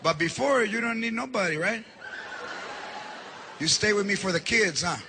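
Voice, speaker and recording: A man's voice: high voice, lively intonation, moderate pace, creaky, noisy background. A man voicing a middle-aged wife who taunts her sick husband with sarcasm. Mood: mocking.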